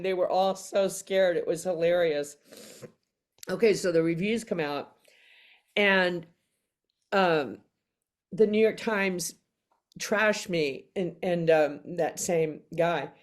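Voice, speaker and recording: A woman guest in an interview, telling stories in a casual, animated way and acting out the people she quotes. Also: lowish voice. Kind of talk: casual storytelling in a sit-down interview.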